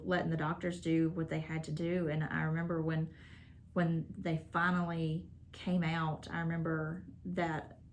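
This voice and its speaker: Low, gravelly woman telling a story. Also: slight background noise. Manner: halting, many fillers and restarts. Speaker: wife telling family story. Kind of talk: casual sit-down storytelling.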